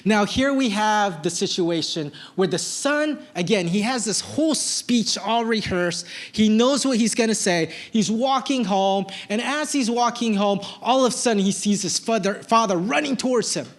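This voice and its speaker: A male pastor preaching a sermon, telling a personal story in a casual, animated way with plenty of filler words. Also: high voice, normal speed, few pauses. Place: church service.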